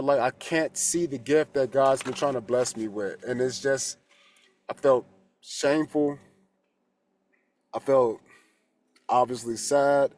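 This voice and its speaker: A man's voice: mid-range voice, slow pace, pauses often, a little mellow. Rambling, candid male tarot coach. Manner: rambling and candid, swears freely, restarts often. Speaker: holistic coach and tarot reader. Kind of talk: casual spoken reflection.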